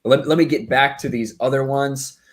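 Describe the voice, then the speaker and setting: A man's voice: medium pitch, fairly even intonation, moderate pace. Upbeat man hosting a charity stream. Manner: upbeat, thanking donors with fillers. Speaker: stream host. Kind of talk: casual stream chat.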